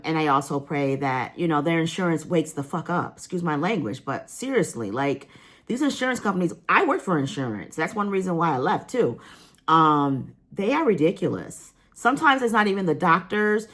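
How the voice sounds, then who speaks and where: A woman's voice: low voice, a bit bright. A woman vlogging casually to her viewers, earnest and emotional, rambling with many fillers and restarts. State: emotional, near tears. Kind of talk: casual vlog talk to viewers.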